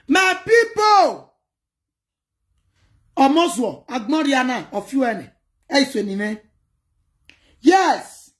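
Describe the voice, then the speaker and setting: A Nigerian woman chatting casually to her viewers on a livestream, in an animated way that mixes pidgin with another local language. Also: high-pitched. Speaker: livestream host.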